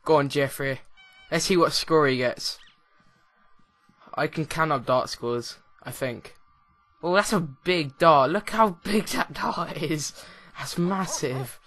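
Slow and a little high, with a fairly bright tone, a young man hosts a let's play. He offers loose, jokey, meandering commentary on the game, frequently starting his thoughts over.

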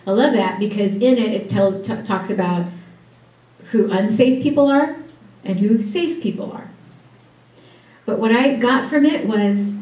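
A woman's voice: mid-range voice, unhurried, long pauses, darkish tone. Laughing woman in an echoey room. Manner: chatty and direct, laughing often, with playful asides to the audience. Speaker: ministry speaker at a conference. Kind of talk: conference talk. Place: conference room before an audience. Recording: echoey room, distant mic.

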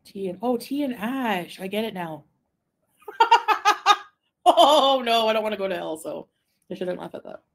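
A woman from Quebec chatting casually on a live stream, reading viewer comments, rambling and giggling, sometimes trailing off into a soft mumble. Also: mid-range voice, very animated, a little slow, vocal fry, pauses often. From Quebec, Canada. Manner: rambling, easily distracted, giggly asides. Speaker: livestreamer.

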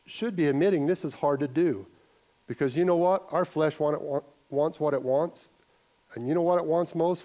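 A man's voice: on the high side, a little mellow. A male pastor giving a conversational sermon, telling an anecdote, often restarting and repeating words. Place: church sanctuary.

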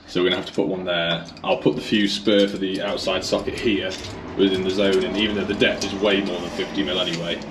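A low-voiced electrician talks casually to viewers, thinking out loud while he works on a garage being turned into a kitchen. His intonation stays fairly even and his pace is fairly quick. The room is echoey, with faint background noise.

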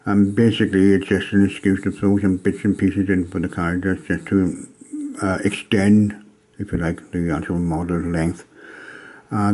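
A man from Wales talks through a review of a tabletop adventure module. His voice sits low, and he stops often to fill gaps with ums and uhs. The delivery is a relaxed, unscripted spoken review. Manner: hesitant, many ums and uhs.

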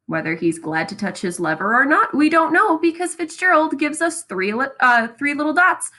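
A young woman teaching a recorded literature lesson in a lively, sassy, conversational way, often checking in with "right?" and "okay?". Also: a little high. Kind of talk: recorded classroom lecture.

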